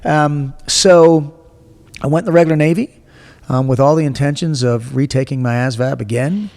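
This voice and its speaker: A man's voice: fairly high pitch, normal speed, gravelly, in a large hall. A man in his forties tells a story from his own life in a casual interview, blunt and full of swearing. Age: 40s. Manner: blunt, profane, animated storyteller. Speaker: guest.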